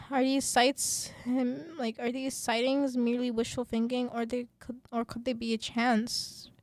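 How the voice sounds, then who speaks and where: A woman hosting a student radio podcast, talking with passion and many fillers, then reading her script in a calmer presenter voice. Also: on the high side, a little slow, dry recording. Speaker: podcast host.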